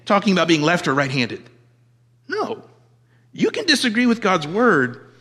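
A man preaching a sermon, emphatic, swinging from loud declarations to quiet asides. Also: high-pitched, breathy edge. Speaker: pastor. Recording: long hall reverb.

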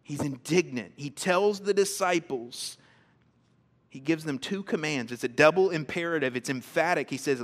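Conversational male preacher, animated delivery. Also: moderate pace. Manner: animated, acts out quoted reactions in a higher voice; conversational, repeats words when starting sentences. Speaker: pastor. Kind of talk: sermon.

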